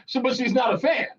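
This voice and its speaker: A middle-aged man hosting a call-in talk radio show, chatty and quick to laugh as he banters with callers. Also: very high-pitched, breathy edge, highs cut off. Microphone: studio broadcast mic.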